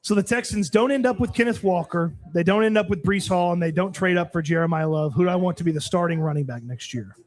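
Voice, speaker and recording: A man with a notably high voice tells a story on a casual sports talk show. He co-hosts and talks with animation, acting out both sides of the conversation. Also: quick pace, hardly any pauses. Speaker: co-host. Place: live show at a restaurant.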